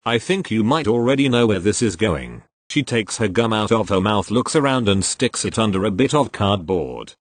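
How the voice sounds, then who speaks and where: A synthetic man's voice reading online posts aloud as a narrator, in an even, mechanical delivery that speaks symbol and emoji names aloud. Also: on the low side, moderate pace, hardly any pauses, dry recording. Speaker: story narrator.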